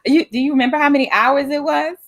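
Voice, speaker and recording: A woman's voice: sits high, fairly even intonation, quick pace. A woman in her thirties who hosts a web talk show, speaking playfully over a video call with frequent laughter and teasing. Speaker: host, minister.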